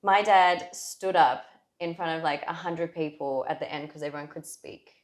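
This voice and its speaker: A woman with a notably low voice shares a deeply personal story as a podcast guest, circling back and restarting her sentences with lots of "like"s. Her voice carries a roomy echo from the space around her. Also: normal speed. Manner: heartfelt, rambling with many "like"s and restarts.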